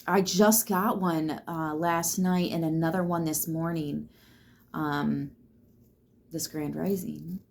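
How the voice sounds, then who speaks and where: A woman with a low, steady, slightly mellow voice and some vocal fry speaks slowly as she gives a laid-back tarot reading. Chatty and reassuring, she swears freely, uses lots of fillers, and addresses the listener directly.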